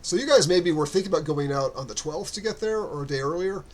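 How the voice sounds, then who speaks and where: A man's voice: fairly high pitch, lively intonation, fast. A man narrating as game master, rambling with many fillers and restarts.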